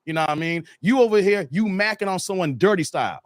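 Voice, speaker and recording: A man hosting a casual livestream chat, animated and laughing often as he reads viewer comments and tells stories. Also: high-pitched, fast talker, dry recording. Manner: storytelling, acts out quotes. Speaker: host.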